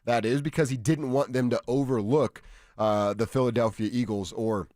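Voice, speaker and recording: A man from Colorado co-hosting a sports radio show in casual chat, talking with restarts and quick asides in a studio. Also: medium pitch, steady tone, darkish tone, dry recording. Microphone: studio microphone.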